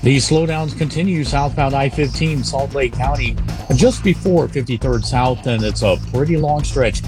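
Brisk male traffic reporter. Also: medium pitch, music in the background. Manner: brisk, matter-of-fact.

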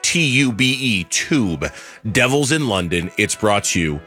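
Male sports radio host, playful banter, animated delivery, bright tone. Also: fairly low pitch, unhurried, faint music behind. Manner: playful, runs the contest.

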